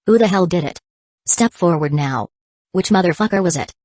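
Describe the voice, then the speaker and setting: Brief: cursing male innkeeper, indignant, voiced plainly by a woman narrator, low and dry. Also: lively intonation, normal speed, a little mellow, no room sound. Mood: angry.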